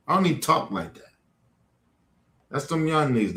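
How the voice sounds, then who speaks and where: A man's voice: on the high side, sing-song, moderate pace, bright, forceful tone. A man hosting a livestream, confronting trolls in the chat in a heated, profane rant. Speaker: livestream host. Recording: echoey room.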